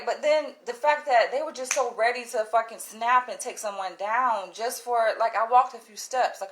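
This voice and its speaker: A woman vlogging, telling a story in a casual, animated way, swearing freely, laughing and acting out what others said. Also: fairly high pitch, normal speed, hardly any pauses. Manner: animated, profane, laughs often, acts out quotes.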